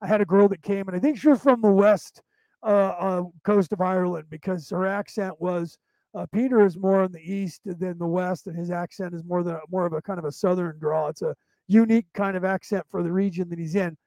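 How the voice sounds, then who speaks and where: A man with a notably high voice, hosting his own show and spinning loose, rambling anecdotes. He talks in a chatty, casual way, restarting sentences as thoughts come to him. The sound is dry and close, with no room around it. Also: steady tone, brisk, a little mellow, no echo, rough recording. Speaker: show host.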